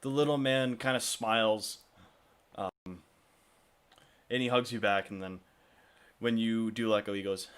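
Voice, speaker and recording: A man's voice: on the low side, measured pace, long pauses, clear, resonant tone. A man narrating a tabletop game as game master, chuckling now and then. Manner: chuckling, relaxed narration with voiced characters.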